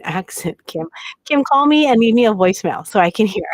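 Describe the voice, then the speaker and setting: A woman's voice: medium pitch, big pitch swings, moderate pace, dry recording, rough recording. Middle-aged woman from Hawaii, live-stream host, laughs easily, drifts into whispers; dry, close. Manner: chatty, laughs often, drops into whispers. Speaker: livestream host at a bead shop. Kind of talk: chatty live demo commentary. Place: bead shop workroom.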